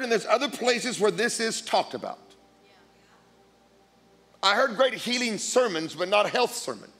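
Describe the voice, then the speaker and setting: A man preaching as a guest speaker, blunt and emphatic, swinging between quiet asides and loud declarations. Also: high voice. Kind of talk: sermon.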